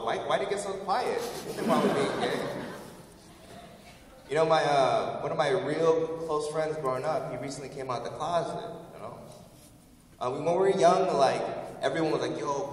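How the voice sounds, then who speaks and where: A man's voice: fairly high pitch, moderate pace. A man from the United States doing a casual, slangy stand-up comedy set on stage. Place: large university event hall. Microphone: audience phone far from the stage. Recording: distant phone recording in an echoey hall with audience noise. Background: audience laughter and hall noise.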